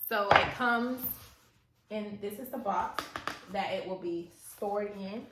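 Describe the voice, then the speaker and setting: A woman chatting excitedly to her viewers while setting things up at home, talking herself through each step. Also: medium pitch, slow pace. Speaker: small business owner and stay-at-home mom. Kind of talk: casual vlog chat. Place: at home, indoors. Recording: roomy echo, faint background noise.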